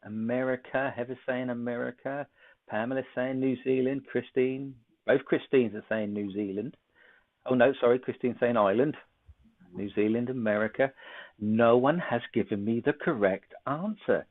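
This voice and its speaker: A man's voice: mid-range voice, moderate pace. A man hosting a psychic show, chatty and joking as he gives card readings and runs a quiz over a video call. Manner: chatty, joking, thinks aloud. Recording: tinny phone-like line.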